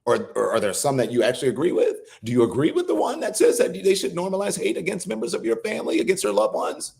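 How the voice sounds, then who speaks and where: A middle-aged male host delivering live political commentary with a lively, swooping delivery. His pitch sits a little above average for a man. He scolds and sounds incredulous, cursing freely as he presses his points. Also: fast, gravelly.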